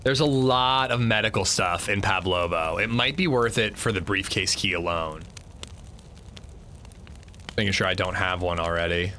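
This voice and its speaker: A man's voice: low-pitched, moderate pace, pushed and bright, slight background noise. A man streaming a game, casually chatting with his viewers and swearing when something annoys him. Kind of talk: casual livestream chat while gaming.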